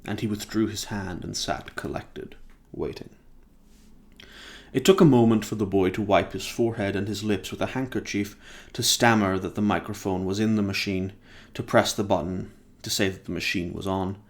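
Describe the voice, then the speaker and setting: A man's voice: lowish voice, normal speed. A man reading a novel aloud in a casual, plain storytelling manner. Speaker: reader.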